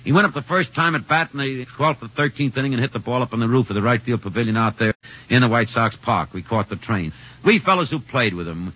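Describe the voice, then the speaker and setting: A man's voice: mid-range voice, expressive, fast talker, pushed and bright, husky. A middle-aged man, a former ballplayer turned sportscaster, telling old stories in a folksy way with many fillers. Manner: folksy storyteller, many uh fillers, acts out quoted voices. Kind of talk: reminiscing interview anecdote. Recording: dull lo-fi old radio recording.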